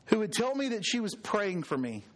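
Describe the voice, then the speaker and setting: Middle-aged pastor guy preaching, earnest storytelling, voice on the higher side. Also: sing-song, normal speed. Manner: earnest, storytelling, emphatic repetition. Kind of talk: sermon.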